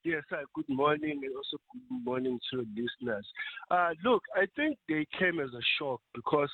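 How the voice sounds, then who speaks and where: A man from South Africa, a political analyst interviewed on radio, explaining in a measured way. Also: fairly high pitch, wildly swooping pitch, gravelly, slightly rough. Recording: phone line.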